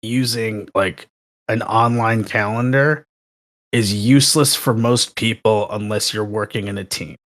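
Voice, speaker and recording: A man guesting on a podcast, chatting casually and telling animated stories with plenty of swearing. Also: on the low side, measured pace. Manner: swears freely, animated storytelling. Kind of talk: casual chat.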